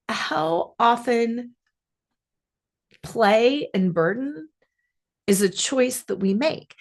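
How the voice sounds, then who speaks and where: A woman life coach and podcast host telling a personal story in an earnest, musing way, stretching some phrases. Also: a little high.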